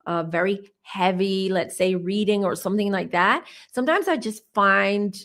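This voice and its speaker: A woman's voice: mid-range voice, moderate pace, a bit bright. A woman tarot reader with a mixed American and British accent, chatting casually with a livestream audience, rambling, often restarting and stumbling over her words. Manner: opinionated, rambling. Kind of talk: casual livestream chat answering comments.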